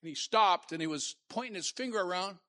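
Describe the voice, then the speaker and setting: A male pastor preaching a sermon in church, dropping to quiet talk and rising to shouted call-and-response. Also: sits high, lively intonation, fairly quick.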